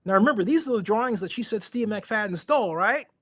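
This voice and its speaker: A middle-aged man telling stories as an interview guest, animated and acting out the voices of people he quotes. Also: sits high, quick pace. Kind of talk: storytelling interview.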